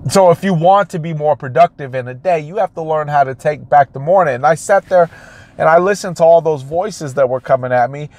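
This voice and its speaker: A man's voice: a little high, brisk, a little mellow, no echo. Emphatic man giving motivational advice. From United States. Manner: emphatic, preachy, repeats phrases. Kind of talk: motivational talk.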